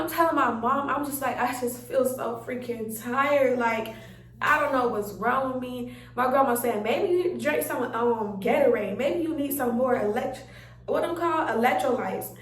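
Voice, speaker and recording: A young woman, telling a story in an animated, chatty way and acting out her own reactions. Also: high voice, moderate pace. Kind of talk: casual storytime chat. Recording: roomy sound, mic a bit far off.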